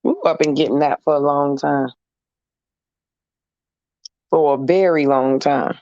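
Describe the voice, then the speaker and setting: A man's voice: on the high side, fairly even intonation, a little slow, a little mellow, no room sound. A man talking casually to camera in an emphatic, sassy, repetitive way, as in a vlog monologue. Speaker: vlogger. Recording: dull, dry lo-fi recording.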